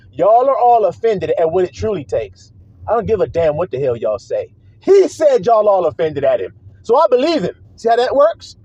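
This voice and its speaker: Brief: man, very high voice swinging up and down, combative and profane street preacher, muffled lo-fi recording. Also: darkish tone, slightly rough. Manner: combative, profane, hammering rhetorical questions. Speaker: self-styled preacher. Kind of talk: confrontational preaching monologue. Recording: dull lo-fi sound.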